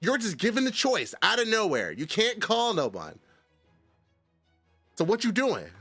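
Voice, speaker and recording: A man's voice: sits high, huge pitch swings, a little slow, fairly bright tone, breathy edge, no echo, faint music behind. A man streaming live, chatting casually and arguing a point with his chat, addressing viewers by name.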